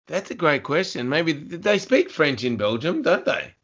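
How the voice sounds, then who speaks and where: A man's voice: on the high side, sing-song, normal speed, a bit bright. A man hosting a podcast in casual chat, reading out fun facts and teasing his co-host with a giggle. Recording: dull lo-fi sound.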